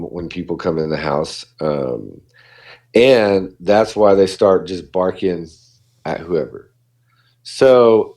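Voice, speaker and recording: A man's voice: low voice, darkish tone. A man, a dog behaviorist, talking casually on a podcast and acting out what dogs and people say.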